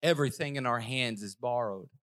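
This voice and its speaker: A male pastor preaching a sermon with emphatic delivery, repeating phrases and swinging from loud, raised lines to soft, quiet ones. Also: mid-range voice, brisk. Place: church service.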